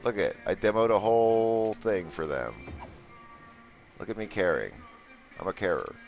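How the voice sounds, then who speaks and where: A man's voice: fairly low pitch, very animated, moderate pace, soft background music. A man streaming gameplay live and joking sarcastically with his chat while he builds.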